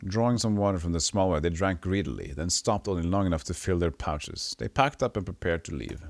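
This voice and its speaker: A man's voice: low voice, a little fast, dry recording. A man streaming a retro role-playing game, chatting casually and reading the game's text aloud, often stumbling and correcting himself. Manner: animated, reads with stumbles and self-corrections. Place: home streaming setup.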